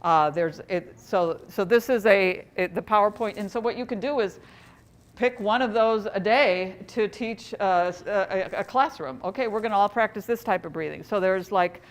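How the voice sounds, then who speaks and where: A woman giving a live workshop to teachers, speaking in an easy, chatty way at a mid-range pitch. She talks to her listeners directly and keeps things light with a joke now and then. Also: normal speed. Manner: conversational, chatty, jokes with the audience. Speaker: workshop presenter for educators. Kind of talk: live training presentation.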